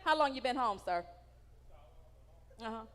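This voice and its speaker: A woman's voice: on the high side, expressive, a little slow, a bit bright, slight background noise. A woman doing a stand-up comedy set on stage, brash and profane, teasing people in the audience. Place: comedy stage in a large hall. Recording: live venue with long hall reverb.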